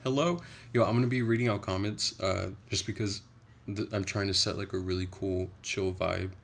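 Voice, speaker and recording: A young man hosting a casual livestream, chatting in a soft-spoken, rambling way. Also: sits low, flat delivery, moderate pace, creaky, breathy edge. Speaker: livestream host.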